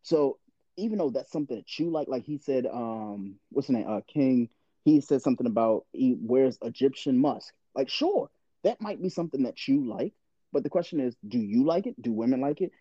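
Animated man hosting, dry dull sound. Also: medium pitch, normal speed, slightly rough, no echo. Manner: animated, profane, laughing reactions. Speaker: podcast host reading voicemails. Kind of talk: casual chat, loud reactions.

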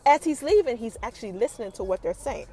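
A woman with a high voice hosts a podcast and recaps a TV episode. She talks directly to her listeners in a loose, conversational way. Her pitch swings widely as she tells the story. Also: animated, dark tone, husky. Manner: chatty, addresses listeners directly, retells scenes in quick asides. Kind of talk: casual recap monologue.

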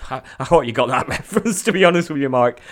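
A man co-hosting a casual podcast, excitable, laughing often and swearing freely. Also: mid-range voice, fast. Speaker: podcast co-host.

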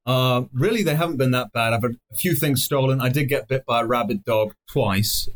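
A man's voice: mid-range voice, fairly quick, a little hiss or hum. A young man from Mexico chatting casually on a podcast, swearing constantly as he tells rambling travel stories.

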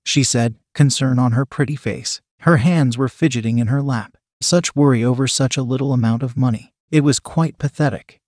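A man reads a first-person story aloud in a measured, sardonic tone. His voice sits at an ordinary pitch, and the sound is dry and close. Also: darkish tone, no echo. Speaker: narrator.

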